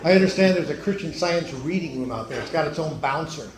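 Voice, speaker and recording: A middle-aged man doing stand-up at a church, telling joke stories with deadpan delivery and punchlines that drop low and quiet. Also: quick pace. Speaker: stand-up comedian. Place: church hall. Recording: echoey hall, faint noise.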